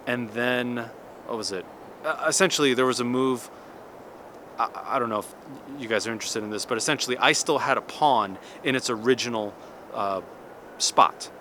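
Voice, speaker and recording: A man's voice: mid-range voice, slight background noise. A man in his thirties telling a story in a casual, chatty vlog monologue, with lots of restarts and "like". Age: 30s. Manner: chatty, animated, many restarts and "like". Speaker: vlogger.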